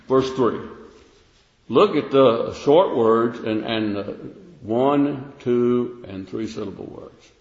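A man's voice: medium pitch, takes it slowly. A man preaching a sermon in plain, repetitive speech, reading King James verses aloud. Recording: echoey hall, dull lo-fi sound.

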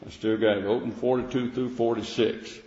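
A man's voice: medium pitch, little pitch movement, fairly quick, dark tone. A man preaching a sermon in plain, repetitive speech, reading King James verses aloud. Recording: echoey hall, dull lo-fi sound.

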